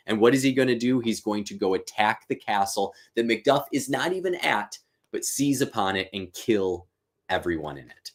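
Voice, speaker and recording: A man's voice: fairly low pitch, expressive, moderate pace. A man hosting a live-streamed reading and commentary, talking casually and thinking aloud with fillers. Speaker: teacher and host.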